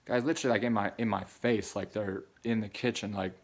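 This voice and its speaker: A man's voice: fairly low pitch, fairly even intonation, fairly quick. A man giving a rambling personal monologue in casual slang, repeating himself and getting emotional. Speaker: vlogger.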